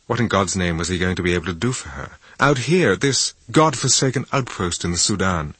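A man narrating an audiobook in expressive, measured storytelling. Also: low voice, slightly rough, no echo.

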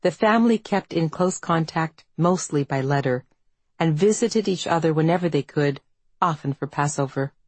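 A woman author reading her own book in a measured, reflective storytelling manner. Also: deep voice, a little mellow, no room sound. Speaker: author and narrator. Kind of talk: audiobook narration.

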